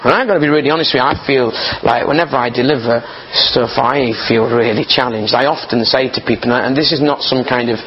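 A man preaches an informal sermon in an earnest, chatty way, often stumbling over and repeating his words. His voice sits at an ordinary middle pitch. The recording sounds a little dull and muffled, with a faint hiss behind it. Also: brisk, few pauses.

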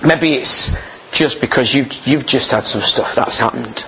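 A man preaches an informal sermon in an earnest, chatty way, often stumbling over and repeating his words. His voice sits at an ordinary middle pitch. The recording sounds a little dull and muffled, with a faint hiss behind it. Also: a little slow.

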